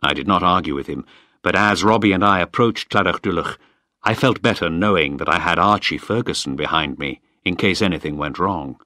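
Low-voiced man reading a story. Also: a little fast, bright, forceful tone, no echo, clean studio sound. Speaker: narrator. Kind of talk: scripted story narration.

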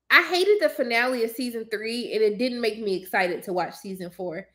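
A young woman with a high, bright voice talks straight to her viewers in a casual, blunt rant. She is sassy and emphatic, with a fired-up edge to her delivery. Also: a little fast. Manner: blunt, animated, sassy ranting. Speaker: movie commentator.

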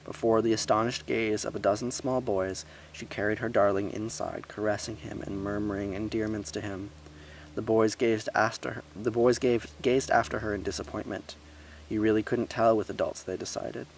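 A man with a low, gravelly voice reads a story aloud. He reads with life and gives each character a voice of its own. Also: moderate pace, slight background noise. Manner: lively reading, voicing characters, with asides.

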